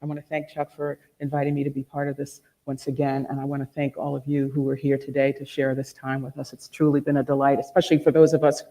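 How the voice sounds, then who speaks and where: A man's voice: mid-range voice, completely flat delivery, quick pace, hardly any pauses, mellow. A man moderating a live event, giving gracious, chatty thanks and passing on an audience question. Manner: gracious, chatty, with small restarts. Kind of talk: closing remarks and audience question.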